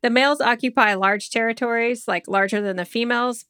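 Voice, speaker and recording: A woman's voice: on the high side, brisk, a bit bright, smooth, no room sound, studio quality. A woman from Oklahoma co-hosting a casual podcast chat, reading facts from notes with chatty asides. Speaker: podcast co-host.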